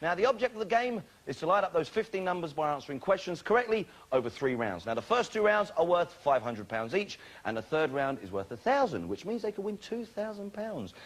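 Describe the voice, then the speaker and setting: High, bouncy man hosting a game show. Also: sing-song, a little fast, hardly any pauses. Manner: exuberant, jokey banter with contestants. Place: television studio with live audience. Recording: loud studio audience and noise.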